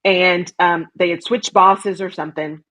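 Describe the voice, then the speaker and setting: A woman's voice: fairly low pitch, steady tone, a little slow, fairly bright tone. A woman from Texas hosting an interview show, telling a personal story and affirming her guest. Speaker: host. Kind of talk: casual interview talk, storytelling. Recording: dull lo-fi audio.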